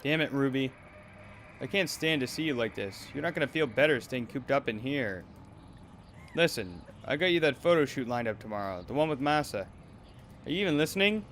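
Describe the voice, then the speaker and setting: A man's voice: medium pitch, lively intonation, fairly quick, a bit bright. Guy voicing a nasty manager type from a game, berating, menacing, bit of background hum. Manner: berating, menacing, then wheedling. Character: abusive middle-aged male talent manager, bullying.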